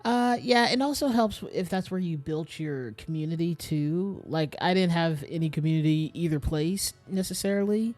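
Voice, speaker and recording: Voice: mid-range voice, moderate pace, hardly any pauses, a little mellow, soft background music. A young adult game streamer, a bit tired and short of breath, rambling in casual chat straight to viewers while playing.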